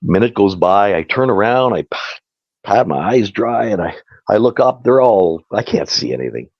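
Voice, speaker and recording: Animated chatty man, dull dry sound. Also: lowish voice, moderate pace, no echo. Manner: animated, chatty, laughs often. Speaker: guest. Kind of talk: casual storytelling.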